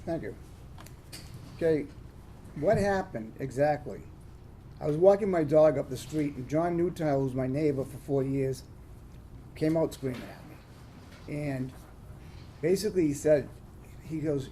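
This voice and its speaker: A man's voice: a little high, measured pace, long pauses, warm tone, a little hiss or hum. A man on a town board giving an unscripted, rambling account of events in his own defense, often asking "okay?" and retelling conversations. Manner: rambling, repeats "okay?", retells quoted exchanges. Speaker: board member defending himself. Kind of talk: unscripted account at a public meeting. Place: town board meeting room.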